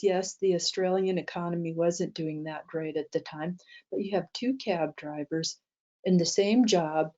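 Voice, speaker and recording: A woman's voice: lowish voice, dark tone. Woman, mindset teacher, storytelling, fillers and restarts, dull lo-fi sound. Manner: anecdotal, frequent fillers and restarts. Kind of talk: storytelling talk to an audience.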